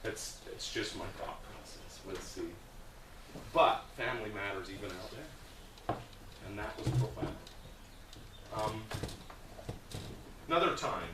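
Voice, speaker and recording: A man's voice: lowish voice, background noise. A man giving a plainspoken, earnest storytelling talk to a group as a guest speaker, with hesitations along the way. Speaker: guest speaker about a volunteer food project. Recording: roomy sound from a distant mic.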